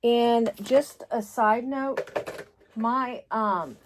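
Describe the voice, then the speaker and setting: A woman's voice: fairly high pitch, extremely slow, slight background noise. Chatty woman teaching a sewing tutorial. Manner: chatty, many fillers and restarts. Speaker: sewing pattern designer.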